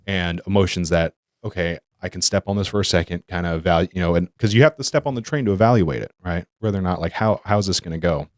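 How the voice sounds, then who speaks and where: This man talks fast with few pauses in his low-pitched voice, recorded in studio quality with no room sound. During a casual podcast chat he rambles, corrects himself and tells stories with animation.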